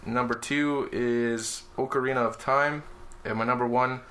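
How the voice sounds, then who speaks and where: A young man chatting casually with friends, excitable and gushing, swearing freely. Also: mid-range voice, a little slow. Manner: excitable, swears freely, gushes about favorites. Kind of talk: casual chat among friends.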